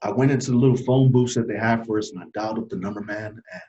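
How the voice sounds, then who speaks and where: A man's voice: on the low side, racing. Earnest male guest, dull lo-fi sound. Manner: earnest, animated storyteller with frequent laughs. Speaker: podcast guest. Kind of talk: casual storytelling interview.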